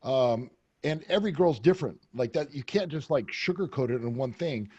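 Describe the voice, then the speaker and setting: A man's voice: mid-range voice, animated, moderate pace, darkish tone, husky, lo-fi sound. A man as a podcast guest, talking in a brash, profane, candid way with lots of fillers, close to the mic. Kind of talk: candid casual interview talk.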